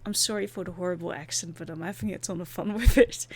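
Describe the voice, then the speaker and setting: A woman playing a video game and chatting softly and playfully as she goes. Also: on the low side, fairly even intonation, fast, few pauses. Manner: soft-spoken, chatty and playful. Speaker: gaming channel host. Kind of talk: casual game commentary.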